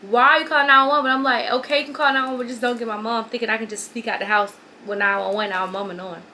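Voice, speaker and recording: A young woman vlogger telling a long, rambling story while doing her hair at home, repeating herself and talking in an animated way. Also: fairly high pitch, very fast, slight background noise. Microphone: phone or camera on a stand.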